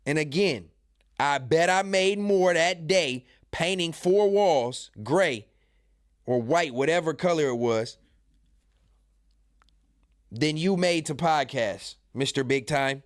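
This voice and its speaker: A man's voice: fairly high pitch, slow pace, long pauses, no echo, studio quality. A man hosting a live stream, talking casually in loose, profane slang and trading insults. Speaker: live stream host reacting to clips.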